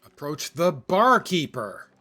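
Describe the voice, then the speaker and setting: A man's voice: on the high side, big pitch swings, takes it slowly, sharp tone, soft background music. A man streaming a video game live, chatting casually and joking at his own expense. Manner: self-deprecating, joking.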